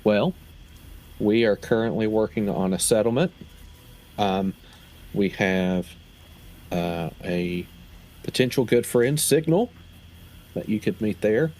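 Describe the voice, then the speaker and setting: A man playing a tabletop role-playing game, speaking in character in a measured, formal way with many fillers. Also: lowish voice, a little mellow. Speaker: player.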